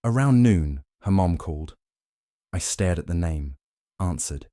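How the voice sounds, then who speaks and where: A man narrating a first-person drama story in a cold, measured way. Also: sits low, lively intonation, warm tone, dry recording, studio quality.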